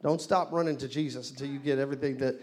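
A man preaching a sermon in a church, leading the congregation in call-and-response and rising to loud exclamations. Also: medium pitch, steady tone, fast talker, background noise. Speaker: pastor. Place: church hall.

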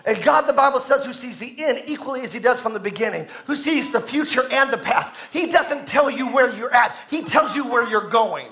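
A man preaching a sermon in a very high, bright voice. He shouts out his declarations, then drops into quieter asides, and keeps calling on the congregation to repeat his words. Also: expressive, brisk, hardly any pauses. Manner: calls to the congregation for responses. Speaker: pastor.

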